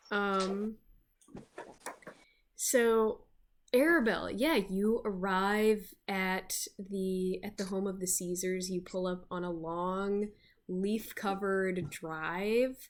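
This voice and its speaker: A woman narrating as game master of a tabletop game, slow and halting with many fillers. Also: medium pitch.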